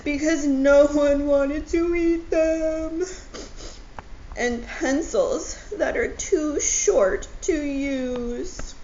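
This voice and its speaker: A woman voicing a sad, gentle male owl from a children's storybook, speaking slowly and tearfully. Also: mid-range voice, very animated, reverberant. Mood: sobbing. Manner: slow, tearful reading. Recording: dull lo-fi audio with faint noise.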